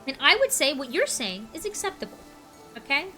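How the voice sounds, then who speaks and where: A woman's voice: high-pitched, big pitch swings, brisk, bright, forceful tone, soft background music. A woman streaming a game, chatting casually and playfully, teasing her viewers. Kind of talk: casual chat while gaming on stream. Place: at a home computer desk.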